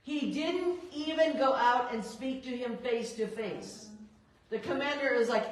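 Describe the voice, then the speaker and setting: A woman leading a Bible study, reading verses and acting out the characters' lines with lively emphasis. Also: sits high, a little slow. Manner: expressive, acts out biblical characters in quoted dialogue. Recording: roomy echo, voice a bit far from the mic.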